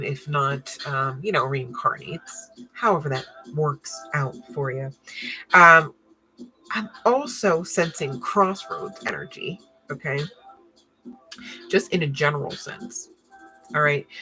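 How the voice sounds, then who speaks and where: A woman's voice: sits low, pushed and bright, low-quality recording. A woman giving a casual tarot reading, chatty and slangy, swearing freely and peppering her talk with fillers. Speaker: tarot reader.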